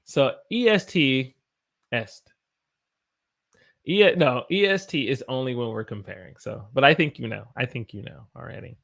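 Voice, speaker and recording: A man's voice: mid-range voice, normal speed, gravelly, fairly bright tone. Chatty American man teaching English live. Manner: chatty, answers viewer comments as he teaches; stops to self-correct and search for examples. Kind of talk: live-streamed English lesson.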